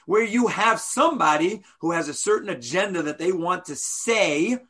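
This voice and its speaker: Brief: male rabbi leading a class, bright and husky, playful rhetorical style. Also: high voice, moderate pace. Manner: animated, rhetorical questions, playful asides. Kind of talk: teaching a class.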